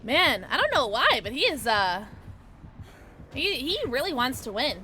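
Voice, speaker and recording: A woman with a very animated, high-pitched voice streams live from home, bright and forceful yet unhurried, with soft music playing behind her. She's bubbly, tossing out playful slang as she reacts to her game and chats with viewers in live gameplay commentary.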